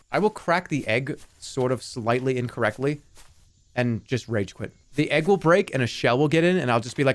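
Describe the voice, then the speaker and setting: This live streamer is a man whose mid-range voice is expressive and moves at a moderate pace. He chats casually, rambling and cursing, and occasionally performs scenes using exaggerated, booming character voices.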